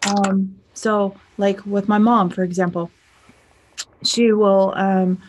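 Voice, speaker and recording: A woman's voice: medium pitch, level tone, slow pace, noisy background. A woman life coach giving casual relationship advice in a chatty storytelling manner, acting out bits of dialogue. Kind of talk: casual advice talk to viewers.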